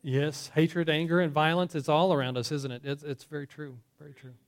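A man's voice: on the high side, flat delivery, a little fast. A man preaching a conversational sermon, often correcting himself and putting questions to the congregation. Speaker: pastor.

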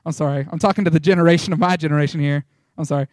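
A young man giving an informal, rambling testimony to a small church, excitable and full of fillers and restarts. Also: fairly high pitch, very fast, no room sound, clean studio sound. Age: young adult.

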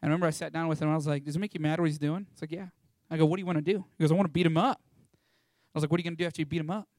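Animated young man telling a story. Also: a little high, racing, no echo. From Texas. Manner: animated, acts out voices in his stories. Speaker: ministry school student sharing a testimony. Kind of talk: storytelling talk to an audience.

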